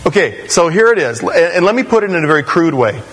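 A man preaching a sermon in a conversational, animated way, with sudden rises in pitch. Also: quick pace, low-quality recording. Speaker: pastor.

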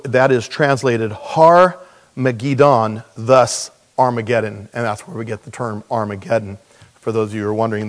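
A male pastor preaching a sermon, animated, with rhetorical questions and sudden jumps in pitch. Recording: long reverb of a large hall.

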